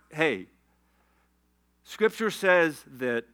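Male preacher, bright and crisp, slightly high voice; story-driven sermon with fervent build. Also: measured pace. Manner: storytelling, rising to passionate exhortation. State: tearful.

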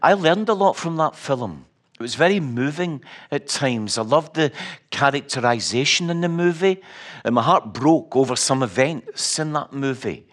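A man's voice: medium pitch, lively intonation, normal speed, fairly bright tone. A middle-aged Scottish man preaching a sermon, telling stories with wry humor and emphatic repetition. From Scotland.

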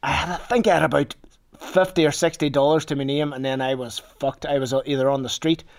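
A man's voice: a little high, fairly even intonation, brisk, gravelly. A man with a Northern Irish accent telling a rambling personal story in casual talk, swearing freely. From Northern Ireland.

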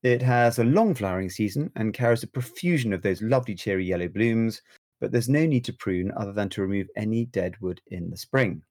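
A man's voice: on the low side, expressive, brisk. A man co-hosting a casual podcast chat, playful and chatty as he reads out plant facts. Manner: playful, warm chatter with laughs. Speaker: co-host.

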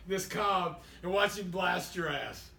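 A man's voice: high-pitched, slow pace, gravelly, sharp tone. A man hosting an interview, talking in a folksy way and quoting old sayings, heard from a distance in an echoey room. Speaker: host. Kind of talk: interview chat. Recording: distant, echoey with faint ambience.

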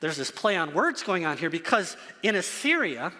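A man's voice: high voice, big pitch swings, normal speed, bright, forceful tone, in a large hall. A man preaching a sermon to his congregation, earnest and emphatic, repeating phrases for stress. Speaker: pastor.

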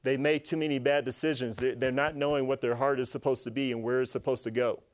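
A man giving an animated, faith-based teaching talk to a live group, asking them questions and acting out little voices. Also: medium pitch, fast. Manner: animated, asks the audience questions, acts out voices. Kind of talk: lively sermon-style teaching to a live group.

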